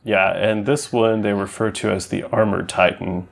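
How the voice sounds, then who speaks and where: A man's voice: fairly low pitch, fairly even intonation, normal speed, creaky. A man co-hosting a casual podcast, easygoing and dry, often chuckling along. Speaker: podcast co-host. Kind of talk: casual chat.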